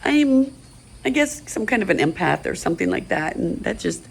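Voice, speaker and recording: A woman's voice: mid-range voice, sing-song, normal speed, gravelly, husky, rough recording. A middle-aged woman rambling emotionally in a personal video monologue. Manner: rambling, emotional, stream-of-consciousness. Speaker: vlogger.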